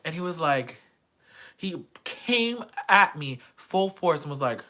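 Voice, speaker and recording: A man's voice: on the high side, sing-song, slow pace, sharp tone. A young man telling a story from his student days abroad, casual and profane, acting out the voices of the people in it. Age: young adult. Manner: acts out quoted voices. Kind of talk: storytime vlog.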